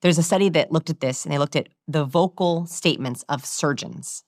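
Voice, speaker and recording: A woman with a low voice for her sex explains communication research in an interview, lively and quick to demonstrate. The recording is close and dry. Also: no room sound. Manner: animated, demonstrating vocal examples.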